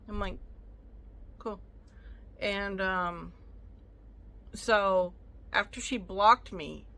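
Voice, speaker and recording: Slow-talking bright-voiced woman ranting. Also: medium pitch. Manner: indignant, sassy, acts out both sides of the argument. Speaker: vlogger. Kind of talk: casual storytime rant.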